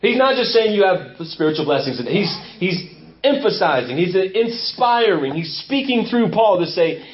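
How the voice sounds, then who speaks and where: High-voiced emphatic man preaching. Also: sing-song, moderate pace. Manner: emphatic, repetitive preaching cadence. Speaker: pastor. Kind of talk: sermon. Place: church sanctuary. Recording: muffled lo-fi church recording.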